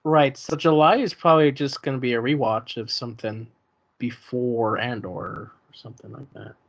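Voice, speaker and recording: Relaxed young man chatting on a podcast. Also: mid-range voice, moderate pace, creaky. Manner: relaxed, rambling, trailing off. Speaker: podcast co-host. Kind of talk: casual chat.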